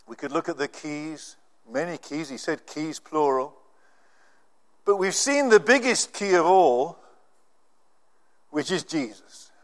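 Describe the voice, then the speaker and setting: A man's voice: fairly high pitch, animated, slow pace, long pauses. A man preaching a sermon, emphatic and swelling on key phrases. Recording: long church reverb.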